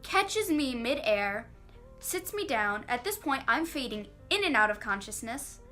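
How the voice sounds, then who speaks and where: A young woman vlogger telling a dramatic personal story, animated and acting out the quotes. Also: on the high side, unhurried. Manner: animated storytelling, quoting others in acted voices. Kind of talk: storytime vlog. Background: faint background music.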